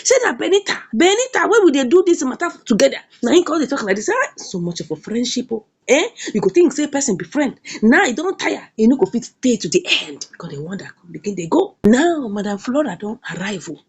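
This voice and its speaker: A woman with a Nigerian accent, casually recapping a story and acting out the characters' lines in an animated way. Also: on the high side, a little fast, hardly any pauses, slightly rough. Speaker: film reviewer.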